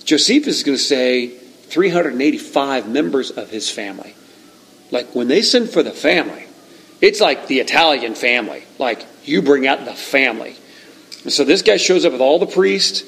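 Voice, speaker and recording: A man preaching a sermon, reading scripture and retelling it with lively, acted-out lines. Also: mid-range voice, poor audio. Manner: animated storytelling, reads scripture aloud, acts out shouts. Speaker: pastor.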